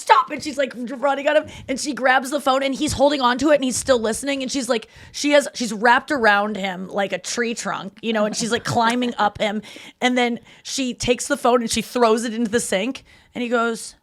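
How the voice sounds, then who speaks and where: An animated woman hosting a podcast, telling a story in a fairly high voice. She jumps into the characters' lines as she goes, with lively energy. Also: fairly quick. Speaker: podcast host. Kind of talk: casual chat, retelling a TV scene.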